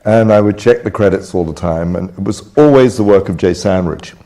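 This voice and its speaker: A director with a slightly low voice speaks on a festival panel. He is wry and self-deprecating as he credits the work that inspired him. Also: a little fast, warm tone. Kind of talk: anecdotal panel talk. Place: theater stage before a live audience.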